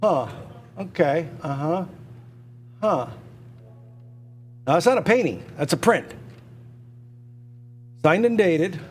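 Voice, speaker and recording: Male livestream auctioneer, slightly high voice, hard-selling patter full of restarts. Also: lively intonation, takes it slowly, long pauses, faint music behind. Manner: repetitive, pushy salesman patter with stammered restarts. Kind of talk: live online auction sales pitch. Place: indoors at a computer.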